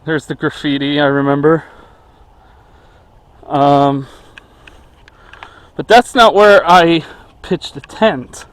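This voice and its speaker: Slow-talking man rambling in the woods. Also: a little high, fairly even intonation. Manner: rambling, many fillers. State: out of breath. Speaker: vlogger. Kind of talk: casual walking vlog. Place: outdoors in woods.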